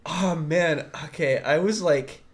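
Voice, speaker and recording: A young man with a slightly high voice, chatting casually as a podcast co-host. He tells a childhood story with lively delivery and puts on the voices of the people in it. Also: slow pace. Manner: animated storyteller, acts out quoted voices.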